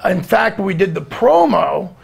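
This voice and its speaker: A man telling a rambling, profane story in a casual way, breaking into shouts now and then. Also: sits high, big pitch swings, moderate pace, creaky, slightly rough. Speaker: guest storyteller.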